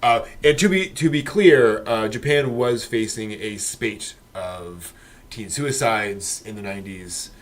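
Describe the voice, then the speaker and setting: A man co-hosting an anime discussion show, talking through scenes thoughtfully with lots of ums and pauses. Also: lowish voice. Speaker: podcast co-host. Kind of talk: casual analytical discussion.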